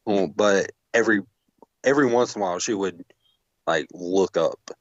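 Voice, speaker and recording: A man co-hosting a wrestling review podcast, laid-back and quick to swear and laugh in casual chat. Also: sits low, no echo. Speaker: podcast co-host. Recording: dull lo-fi mic.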